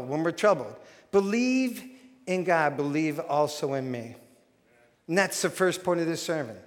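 A man preaching a sermon as pastor, animated and acting out quoted voices. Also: a little high. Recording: long hall reverb.

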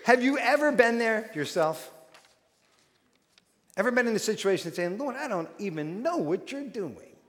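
A man preaching a sermon as pastor, animated and acting out quoted voices. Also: high-pitched, moderate pace. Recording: long hall reverb.

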